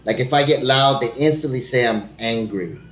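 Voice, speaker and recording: A man who is an actor, talking casually with lots of swearing and quick impressions of people he quotes. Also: medium pitch, fairly bright tone, echoey room. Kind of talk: casual podcast chat.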